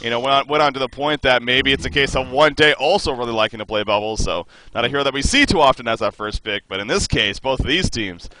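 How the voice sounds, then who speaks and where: An enthusiastic man adds rambling color commentary to an esports match over a voice call. His mid-pitched voice is bright and forceful, recorded dry with no room sound. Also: fast, few pauses, no echo, poor audio. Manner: enthusiastic, rambling, restarts phrases. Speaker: esports co-caster.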